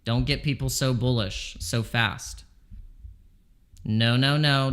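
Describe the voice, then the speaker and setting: A man's voice: medium pitch, steady tone, slow, long pauses, a bit bright. Anxious man pleading with the market. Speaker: crypto trading streamer. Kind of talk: live trading stream commentary. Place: home.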